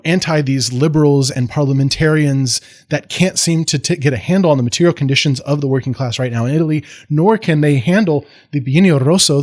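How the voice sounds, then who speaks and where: Casual American man giving a history lecture. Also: fairly high pitch. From United States. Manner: casual, digressive, self-deprecating asides with fillers and restarts.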